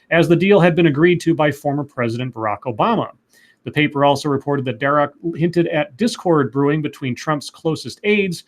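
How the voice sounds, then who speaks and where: A man hosting a casual podcast, reading news stories aloud and adding sarcastic asides. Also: fairly high pitch. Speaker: podcast host.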